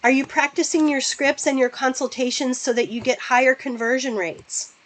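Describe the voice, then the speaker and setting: A woman with a somewhat high voice teaches a webinar for real estate agents. She fires off direct questions at her listeners and works through the numbers one step at a time. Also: fairly even intonation, moderate pace, poor audio. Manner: direct, asks the audience a string of questions. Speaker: real estate business coach. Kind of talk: webinar presentation.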